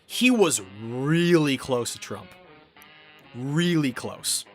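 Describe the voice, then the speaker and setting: A man's voice: mid-range voice, expressive, slow, soft background music. A young man chatting casually while gaming, rambling and swearing, with many restarts. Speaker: gaming vlogger.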